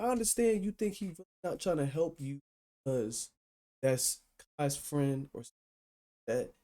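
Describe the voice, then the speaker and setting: Animated, mellow-toned reaction host. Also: mid-range voice, moderate pace. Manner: animated, exasperated rants with frequent "you know what I'm saying". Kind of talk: casual reaction commentary.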